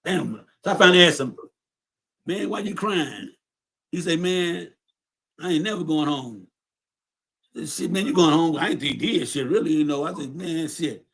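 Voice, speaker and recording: A man's voice: a little high, brisk, a bit bright, slightly rough. A man telling a long story in casual, profane street talk, often repeating his words.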